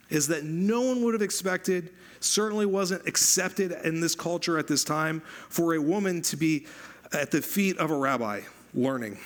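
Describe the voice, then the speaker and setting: Preaching as a pastor, this man sounds lively and conversational, driving points home by repeating phrases. His pitch runs somewhat high.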